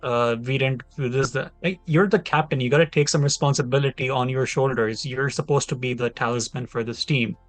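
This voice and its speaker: A man's voice: mid-range voice, fairly even intonation, a little fast, hardly any pauses, dry recording, faint music behind. A man in his twenties, a podcast panelist giving a long, heated, opinionated take in casual discussion. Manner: opinionated, talks at length, heated.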